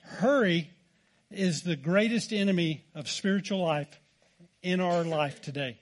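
A man's voice: high-pitched, a little slow. A man with an American accent preaching a sermon, telling a folksy, self-deprecating story. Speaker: pastor.

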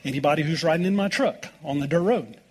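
A man's voice: a little high, fast talker, a little hiss or hum. A middle-aged American man preaching a sermon as pastor, telling folksy stories with jokes. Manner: folksy, joking storytelling with laughs.

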